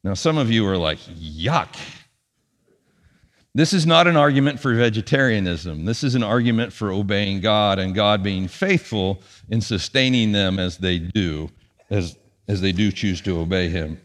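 A man preaching a sermon as pastor, with punchy emphasis that drops to quiet asides. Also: on the low side, measured pace, big-room sound. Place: church sanctuary.

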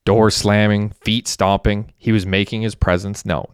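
A man reading a story aloud as a narrator, in a steady, even storytelling manner. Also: on the low side, moderate pace, smooth, dry recording, clean studio sound. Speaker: audiobook narrator. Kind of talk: scripted narration.

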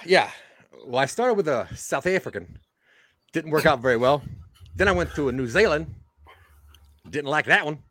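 A man's voice: a little high, lively intonation, normal speed, long pauses, fairly bright tone, no echo, clean studio sound. A man giving a mock presentation in improvised comedy, playful and mock-villainous, drifting in and out of a put-on accent.

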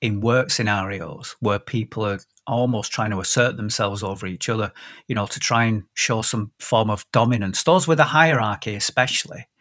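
A podcast host in his fifties chats casually and tells stories animatedly, restarting often. His voice is lowish and his pace moderate.

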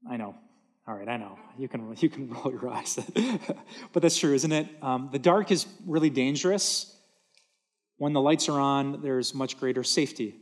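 A man's voice: medium pitch, normal speed. A man preaching a sermon from a church stage, earnest and emphatic, repeating words for stress. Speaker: pastor.

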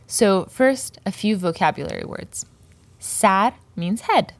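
A woman teaching a language lesson, explaining a poem's words slowly and carefully and repeating each term for learners. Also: medium pitch, lively intonation, no echo. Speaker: Persian language and poetry teacher.

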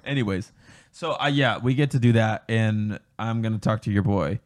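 A young man co-hosting a casual podcast chat, joking and swearing, getting excitable. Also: lowish voice, normal speed. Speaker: podcast co-host.

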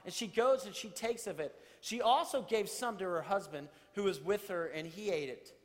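High-voiced male pastor preaching. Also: moderate pace, in a large hall. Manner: conversational, animated, chuckling asides. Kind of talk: sermon.

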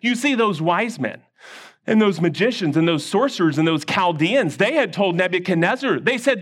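A man giving a children's sermon, telling a Bible story with animated call-and-response to the kids. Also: high voice, moderate pace. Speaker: children's minister.

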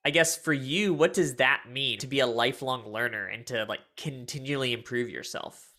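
A man hosts a podcast interview with an upbeat, enthusiastic manner. His voice is bright and forward at a mid pitch. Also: moderate pace. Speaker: podcast host. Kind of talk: conversational interview.

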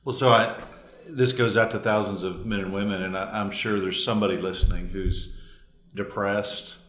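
Brief: male interview host, lowish voice, gentle halting questions, roomy echo. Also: steady tone.

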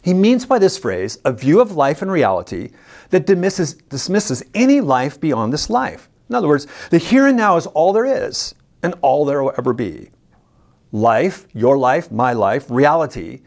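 A preacher teaching a sermon on scripture, speaking emphatically and deliberately. The preacher repeats words for stress and puts questions straight to the listeners. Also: medium pitch, creaky, a little mellow. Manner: addresses listeners directly with questions.

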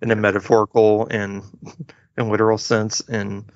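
A man hosts a podcast, speaking in a lowish voice at a moderate pace as he casually reviews a movie. He's relaxed and rambling, with lots of fillers and restarts. The recording is dull, lo-fi, and dry, with no echo.

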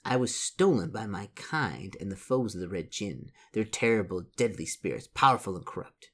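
A man's voice: lowish voice, expressive, moderate pace. A man voicing a tiny male ring spirit who speaks formally, pleading and scheming. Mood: explaining.

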